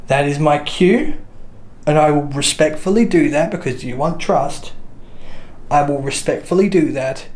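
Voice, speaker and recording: A man's voice: fairly high pitch, measured pace, a little mellow. A man hosting a ghost hunt, politely and earnestly addressing spirits in an old jail cell, with chatty asides. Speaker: paranormal investigator host.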